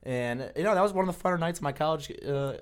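A man's voice: on the high side, fast talker. Young man telling a rambling story. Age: young adult. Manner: rambling storyteller with many restarts. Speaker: podcast co-host. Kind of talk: casual conversation.

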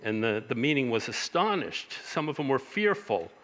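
A male pastor preaching with a bright, forceful tone, mid-pitched and easy to follow. He keeps it conversational, throwing rhetorical questions at the congregation. The sound rings with the long reverb of a big hall. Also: big pitch swings, normal speed. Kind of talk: sermon.

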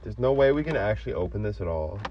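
A young man vlogging from inside a car, swearing hard and bursting into loud, high yelps. His pitch jumps around a lot. The sound is dull and lo-fi, with clear road noise underneath. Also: expressive, fast talker. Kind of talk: casual bickering.

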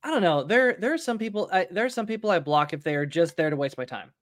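A man's voice: high-pitched, expressive, fast, no echo, clean studio sound. A man hosting a casual podcast, rambling and laughing mid-sentence as he tells stories. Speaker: podcast host.

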